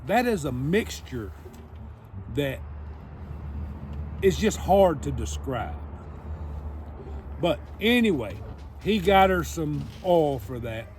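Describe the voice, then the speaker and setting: A man telling a funny story in a folksy, drawn-out way. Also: on the high side, darkish tone. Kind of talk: casual storytelling.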